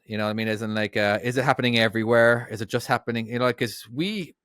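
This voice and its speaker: A man's voice: mid-range voice, fast talker, fairly bright tone, smooth, no echo. Easygoing man on a podcast, dry sound. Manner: easygoing, chatty, full of fillers. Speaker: podcast co-host, truck driver. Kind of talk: casual podcast chat.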